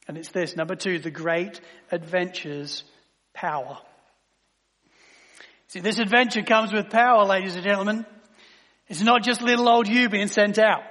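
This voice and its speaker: A man preaching a sermon in a conversational way, sometimes dropping to a hush. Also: sits high. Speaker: pastor. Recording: long hall reverb.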